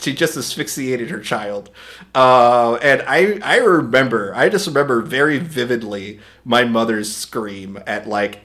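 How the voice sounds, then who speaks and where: A man hosting a livestream, talking casually and rambling with many restarts, his voice a little hoarse today. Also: medium pitch, a little slow, a bit bright. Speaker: livestream host. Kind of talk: casual stream chat.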